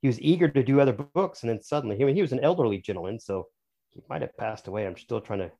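A man's voice: mid-range voice, animated, quick pace, creaky, mellow, highs cut off. A man, an author and podcast guest, explaining his views at length in casual, opinionated conversation.

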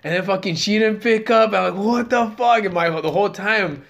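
A man's voice: high-pitched, brisk, creaky, a bit bright. A man in his thirties, a comedian guest telling a story in casual chat, profane and rambling with many fillers.

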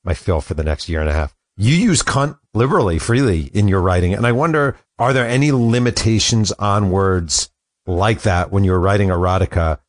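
A man's voice: lowish voice, animated, normal speed, no room sound. A man hosting an interview, asking curious, blunt questions. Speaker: interviewer, host.

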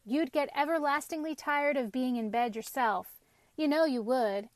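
A hearty talking pumpkin leads the vegetables and coaxes in a winning way, with a fairly high voice, as a woman reader puts him on. The recording is dry and close. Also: moderate pace, no echo, natural voice. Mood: coaxing. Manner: coaxing, hearty. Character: jolly, persuasive male talking pumpkin leader.

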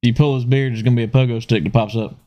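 A man chatting on a podcast from a living room sofa, playful and quick to laugh, speaking into a table mic. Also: mid-range voice, steady tone, highs cut off. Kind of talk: casual chat.

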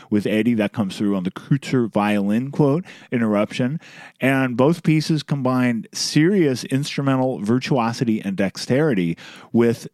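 A man's voice: mid-range voice, a little mellow, no echo. Podcast host guy reading his script, wry asides, dead dry close mic. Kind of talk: scripted narration.

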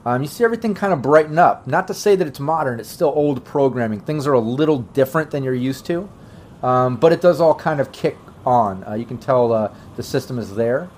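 Casual male game master, mid-pitched, relaxed and chatty, faint background hiss. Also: brisk. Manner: casual, many fillers, breaks into gruff shouting voices for NPCs. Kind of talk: narrating a tabletop game.

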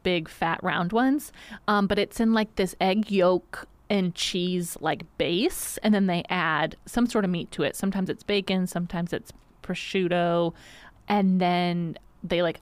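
A woman's voice: lowish voice, no echo. Bubbly, playful woman. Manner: bubbly, playful, laughs often. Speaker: podcast co-host. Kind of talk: casual chat.

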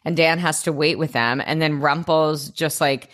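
Chatty co-host woman, low-pitched, lively banter full of mock voices. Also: normal speed. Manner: animated, swears, acts out characters' lines in mock voices. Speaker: podcast co-host. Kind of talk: casual recap chat.

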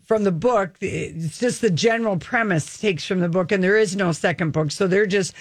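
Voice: medium pitch, normal speed, dry recording, studio quality. A co-host in casual chat, rambling with lots of ums and restarts. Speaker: podcast co-host.

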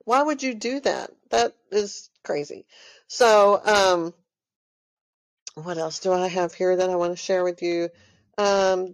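A woman's voice: medium pitch, no room sound. Texan woman, podcast host, rambling emphatic solo talk, dead-dry room. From Texas. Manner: rambling, emphatic, with frequent fillers.

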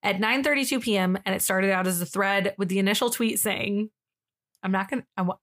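A woman's voice: mid-range voice, moderate pace, a bit bright. A woman co-hosting a podcast, telling a story in casual chat with frequent fillers and giggles. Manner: chatty and giggly, with many "like" fillers. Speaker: podcast co-host.

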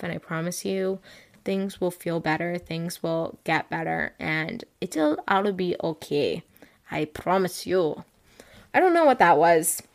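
Chatty teenage girl hosting a podcast. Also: fairly low pitch. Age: late teens. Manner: chatty, rambling, heavy use of "like"; frank and self-mocking. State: tired. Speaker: podcast host. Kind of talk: casual solo podcast chat.

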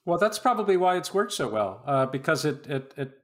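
A man's voice: fairly high pitch, very animated, a little fast. A man hosting an interview, framing long questions carefully with repeated words. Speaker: interviewer, host. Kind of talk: podcast interview.

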